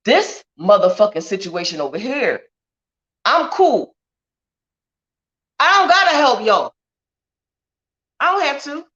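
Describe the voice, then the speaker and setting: A woman on a phone livestream rants bluntly and heatedly, with a somewhat high voice. The sound is dull and lo-fi. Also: fairly bright tone. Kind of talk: ranting livestream monologue.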